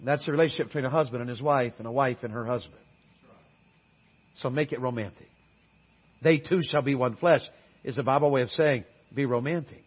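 A middle-aged man preaching a sermon, swinging from loud exhortation to quiet earnest asides and calling on the congregation for amens. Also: medium pitch, fairly quick, pauses often, slightly rough, lo-fi sound. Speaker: guest preacher.

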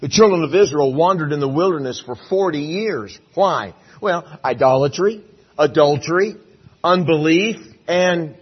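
A man's voice: a little high, normal speed, breathy edge, highs cut off. A male preacher giving a folksy, story-filled sermon, acting out characters in a church auditorium.

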